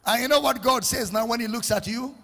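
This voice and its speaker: A man preaching a sermon, leading the congregation in call-and-response, shouting in a sing-song preaching cadence. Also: very high voice, brisk, vocal fry, heavy background noise. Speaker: pastor. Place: church hall with congregation.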